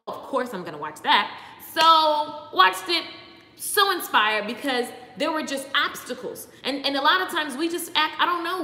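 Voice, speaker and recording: A woman's voice: on the high side, sharp tone. A woman talking casually as a motivational speaker on a live stream, chatty and rambling, greeting viewers by name. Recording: echoey room with long reverb, faint background noise.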